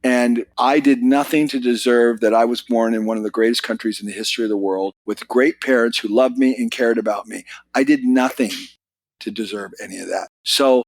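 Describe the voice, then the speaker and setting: An American man in his sixties, a podcast guest telling stories in casual chat, his voice jumping up when he gets excited. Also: brisk, no room sound. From United States. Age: 60s. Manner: animated storyteller, pitch jumps when excited. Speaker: podcast guest, business author.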